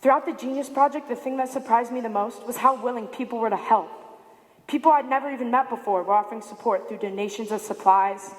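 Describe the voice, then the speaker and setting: A woman's voice: fairly high pitch, fast, long reverb tail. A young woman giving a prepared speech at a student symposium, telling a story and acting out the quotes in it. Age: young adult. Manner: storytelling with lively acted-out quotes. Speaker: student speaker.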